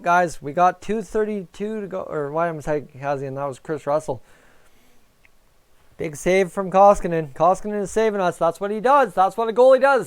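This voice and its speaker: A young man giving nervous, excitable live reaction commentary on a hockey game and talking to his chat. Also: a little high, smooth. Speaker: fan streamer.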